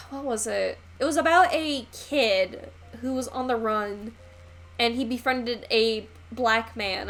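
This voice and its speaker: Rambling young woman streamer, higher voice. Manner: rambling and chatty, with frequent fillers and swearing. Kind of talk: casual chat while painting on a live stream.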